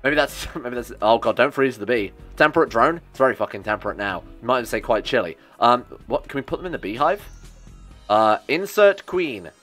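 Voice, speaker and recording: A man's voice: medium pitch, lively intonation, brisk, a bit bright, faint music behind. A man giving casual, joking commentary while he plays a video game, often annoyed and swearing. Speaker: gaming streamer.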